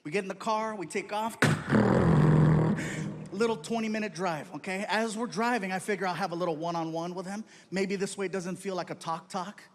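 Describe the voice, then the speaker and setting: A man telling a story in a stand-up set, animated and jokey, in a comedy club with audience noise behind him. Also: sits high, a little fast. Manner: animated, jokey, slips into character voices. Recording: live club show with loud audience noise.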